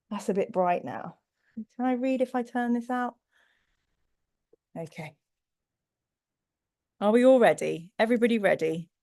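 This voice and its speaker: A woman hosting a book livestream with a stuffy nose, chatting casually and laughing easily, then reading a bedtime story in a soft, cozy voice. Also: medium pitch. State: stuffy nose from hay fever. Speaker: book channel host.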